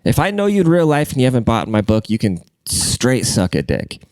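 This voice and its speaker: A man's voice: mid-range voice, wildly swooping pitch, brisk, no echo. A young man hosting a podcast alone, talking crude and rambling, and congested. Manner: crude, rambling, jumps between loud and muttered. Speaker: podcast host. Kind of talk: casual solo podcast rant.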